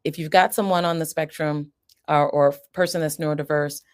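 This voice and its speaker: A woman psychiatrist giving a live-streamed teaching talk, calm and deliberate, modeling soothing phrases as she coaches. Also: deep voice, clear, resonant tone.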